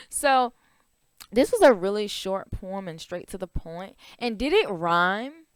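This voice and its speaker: A woman's voice: mid-range voice, expressive, slow, smooth, no room sound, clean studio sound. A woman teaching a children's phonics lesson, stretching out vowel sounds and asking the class questions.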